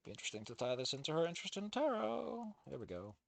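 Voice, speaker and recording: A woman's voice: sits low, big pitch swings, fast talker, vocal fry, no room sound. A woman reacting to a story she is reading, casual and exasperated, swearing often and voicing her frustration. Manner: exasperated, emotional, swears a lot. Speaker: fan fiction reader and reactor.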